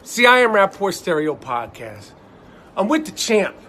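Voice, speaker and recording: A man hosting a podcast, giving a brash, profane, excited shout-out. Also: high voice, moderate pace, noisy background. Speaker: podcast host.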